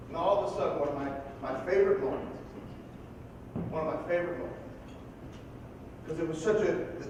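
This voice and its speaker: A high-pitched man, a football coach, tells stories in a motivational speech and now and then bursts into loud yelling. His voice comes from far off in a big hall with a long, booming echo. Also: muffled recording, noisy background.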